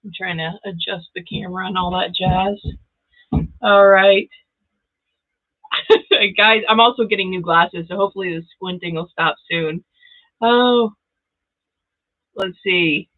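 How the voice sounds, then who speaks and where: A woman's voice: fairly low pitch, fairly even intonation, measured pace, pauses often. Brief: grandmother-aged woman, livestream host, chatty, laughs a lot, tinny phone-like audio. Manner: chatty, laughs often, reads out viewer comments. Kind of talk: casual livestream chat. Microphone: new plug-in microphone.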